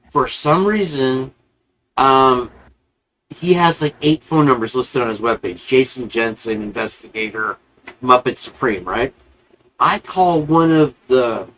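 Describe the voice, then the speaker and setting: A man's voice: mid-range voice, a bit bright, rough recording. A man hosting a live-stream show, telling a long rambling story in a casual, profane, chatty way.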